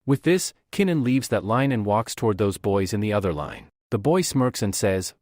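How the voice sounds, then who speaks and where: A man narrating a comic recap story in a steady, scripted storytelling manner. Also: mid-range voice, moderate pace, hardly any pauses, no room sound, studio quality.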